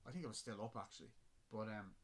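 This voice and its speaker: A man's voice: on the low side, fast, a bit bright. Swearing Irish man telling a story. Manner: rambling, swears a lot, laughs at his own story. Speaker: podcast host. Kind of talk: casual storytelling chat.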